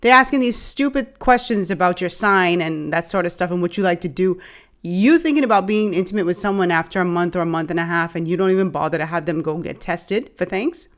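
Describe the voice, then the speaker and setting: A woman's voice: fairly low pitch, a little fast. Frank Bahamian woman host commenting. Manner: direct, frank, talks straight to viewers. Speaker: host reacting to a clip. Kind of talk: commentary to viewers.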